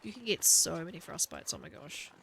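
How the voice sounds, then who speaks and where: A woman's voice: lowish voice, animated, a little fast, creaky, fairly bright tone, slight background noise. A woman chatting casually while she plays a video game at home, thinking aloud and talking to her dog. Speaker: gaming video creator. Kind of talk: casual gameplay commentary.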